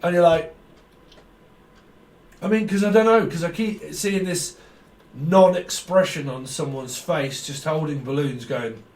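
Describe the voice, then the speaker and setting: A man's voice: on the high side, a little slow, long pauses, darkish tone. A man giving a rambling, free-associating tarot reading, swearing and laughing as he goes. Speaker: tarot reader. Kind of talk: stream-of-consciousness intuitive reading. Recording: echoey room, mic far off.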